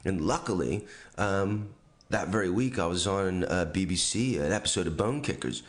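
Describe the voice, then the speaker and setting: A man tells a funny story in a relaxed podcast chat. His voice sits fairly low, and he jumps up in pitch whenever he acts out what someone said. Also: moderate pace. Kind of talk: casual anecdote.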